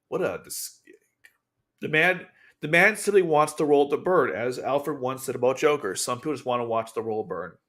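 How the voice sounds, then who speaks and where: Speaking at normal speed with lively intonation, a man with a medium, slightly bright voice talks casually over video about an anime episode. He's the reviewer and host of his own channel, and his recap rambles along with plenty of fillers and false starts.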